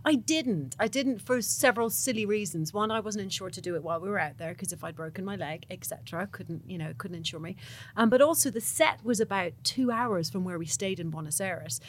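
A woman's voice: mid-range voice, brisk, a little hiss or hum. A woman TV presenter chatting casually, reminiscing about silly jobs. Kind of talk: casual chat.

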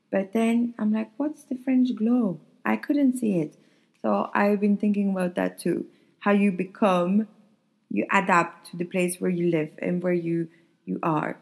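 A woman's voice: on the low side, gravelly, darkish tone. A Swedish woman in her thirties, a podcast host musing in a casual, chatty way with lots of fillers. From Sweden.

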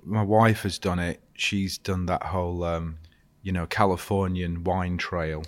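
A man's voice: low-pitched, little pitch movement, a little slow. A middle-aged man in a casual chat, self-deprecating and rambling.

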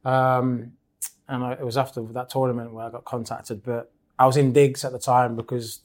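A man's voice: mid-range voice, level tone, moderate pace, darkish tone. A man, chatting as a podcast guest and telling long stories with lots of restarts. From England. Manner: rambling storyteller, many restarts. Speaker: guest, former footballer. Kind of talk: casual chat.

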